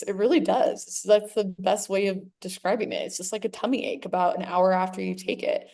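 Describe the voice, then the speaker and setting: A woman's voice: mid-range voice, steady tone, fairly quick, few pauses, a little mellow. American woman explaining with enthusiasm. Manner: enthusiastic, explanatory, nerdy asides. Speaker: interview guest, clinician. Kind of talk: conversational expert explanation.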